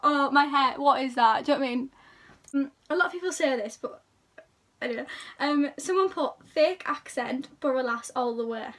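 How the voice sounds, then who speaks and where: A woman's voice: high voice, a little fast, recorded from a distance. A young woman chatting to camera in a rambling, self-deprecating way, talking casually about herself. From England. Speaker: YouTuber.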